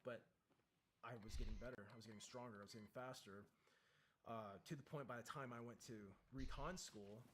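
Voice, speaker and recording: A man, a military veteran, telling a candid story with intense, profane emphasis and acting out shouted lines as he goes. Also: medium pitch, brisk, slight background noise. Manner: acts out shouted quotes in the story.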